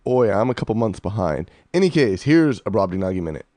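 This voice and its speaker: A man's voice: on the low side, sing-song, quick pace, loud music behind the voice. A man co-hosting a podcast in casual chat, laughing often and tripping over his words as he jokes. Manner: laughs often, stumbles and restarts while teasing. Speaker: podcast co-host.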